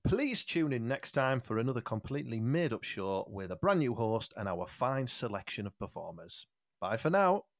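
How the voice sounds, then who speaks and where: A man closing a comedy podcast as host with a friendly, brisk outro. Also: medium pitch, big pitch swings, dry recording, studio quality. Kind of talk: podcast sign-off. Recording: guitar music under the voice.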